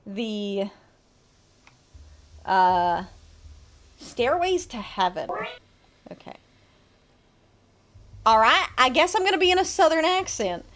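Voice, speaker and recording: Woman streamer, animated and profane, pitched high, talks to chat while playing. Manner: animated, swears casually, reads game dialogue aloud. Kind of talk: casual live-stream chat while gaming.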